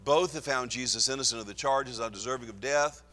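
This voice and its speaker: Bright-voiced male preacher in reverberant hall. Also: mid-range voice, brisk. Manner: reads scripture aloud with rising emphasis. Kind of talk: expository Bible teaching.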